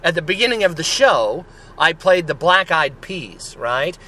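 Guy hosting a podcast, slow and rambly, slightly high voice, traffic noise behind. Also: big pitch swings, sharp tone. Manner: rambling, chatty, asks "right?" often. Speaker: podcast host. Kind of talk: casual solo podcast talk.

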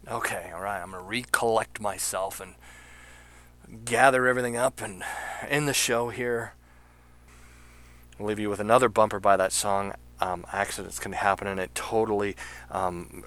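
A middle-aged man hosting a casual faith talk show, speaking earnestly and from the heart, pausing with fillers as he thinks aloud. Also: deep voice, fairly bright tone. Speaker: podcast host.

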